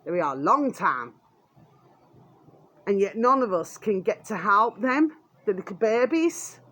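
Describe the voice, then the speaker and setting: In a sharp, sing-song, medium-pitched voice at a measured pace, a British vlogger vents her anger to her channel. She is coarse and blunt, curses throughout and repeats "there we are" as a filler.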